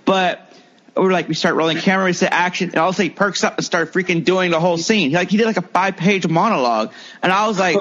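A man tells loose, profane stories in casual chat, stacking filler words as he goes. His voice sits a little high. The recording is dull and lo-fi. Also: fast talker, a bit bright. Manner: rambling storyteller, heavy filler words and profanity. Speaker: guest, comedian and filmmaker. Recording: muffled lo-fi recording.

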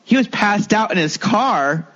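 A man tells loose, profane stories in casual chat, stacking filler words as he goes. His voice sits a little high. The recording is dull and lo-fi. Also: expressive, measured pace, a bit bright. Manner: rambling storyteller, heavy filler words and profanity. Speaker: guest, comedian and filmmaker. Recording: muffled lo-fi recording.

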